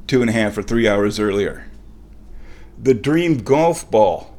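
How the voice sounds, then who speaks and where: A man casually telling a story at home about finding golf balls. He laughs often and gets worked up, his voice jumping high when he is thrilled. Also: expressive, measured pace, long pauses, a little mellow. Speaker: vlogger telling a golf ball hunting story. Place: kitchen at home.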